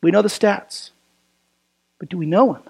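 A man's voice: high voice, normal speed, gravelly, husky. A man preaching a sermon as a pastor in a conversational way, with rhetorical questions and fillers like "you know" and "right". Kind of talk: expository sermon.

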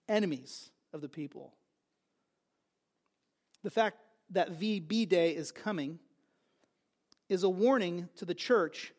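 A man pastor preaching a sermon, emphatic, lifting his voice loudly when he reads out scripture, with frequent restarts. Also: high voice. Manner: emphatic preaching with rising, loud quoted lines and frequent restarts.

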